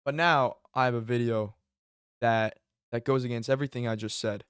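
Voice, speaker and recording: An excitable man riffing through a fight reaction video, swearing freely and jumping into loud outbursts. His voice sits at a middle pitch and sounds dry and close, with no room around it. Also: moderate pace, smooth, no room sound. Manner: excitable, profane, exclaiming. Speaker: MMA commentary YouTuber. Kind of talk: casual reaction commentary.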